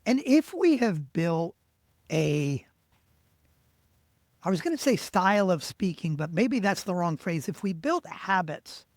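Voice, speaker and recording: A man's voice: high-pitched, very animated, a little slow, no room sound, studio quality. A man hosting a podcast interview, asking questions in a conversational way and sometimes searching for words. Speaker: podcast host.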